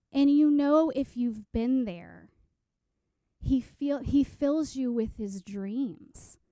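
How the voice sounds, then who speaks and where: A woman giving an animated personal testimony sermon, telling stories with quoted asides and questions to the audience. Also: sits high, dry recording, studio quality. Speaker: speaker at a church gathering.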